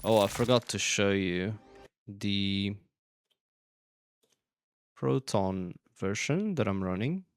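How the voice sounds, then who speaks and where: A man offers casual commentary while testing a game at his computer. His slightly low voice carries a gravelly rasp, and he speaks at an unhurried pace, thinking aloud with frequent fillers. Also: expressive, dry recording. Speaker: gaming channel host.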